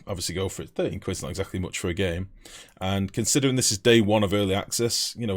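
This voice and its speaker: A young man chatting casually on a live stream, blunt and rambling, swearing freely. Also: lowish voice. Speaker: game streamer.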